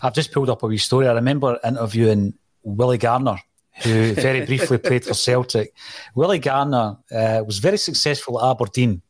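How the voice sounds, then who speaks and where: A man's voice: mid-range voice, a little fast, no room sound. A man hosting a podcast, chatting conversationally with frequent hesitations. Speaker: podcast host. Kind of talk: casual chat.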